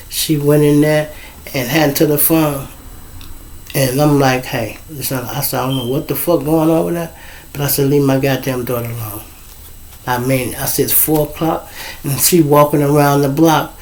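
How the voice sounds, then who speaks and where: In a low-quality recording, a middle-aged man from Chicago hosts a relaxed monologue spinning family tales. He talks at a moderate pace in a slightly high voice, swearing freely, animated, and imitating the people he quotes.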